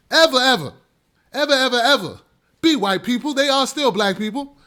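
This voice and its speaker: A man's voice: extremely high pitch, sharp tone. A man hosting his own show, delivering an emphatic, repetitive opinion monologue with a ranting edge. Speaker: show host.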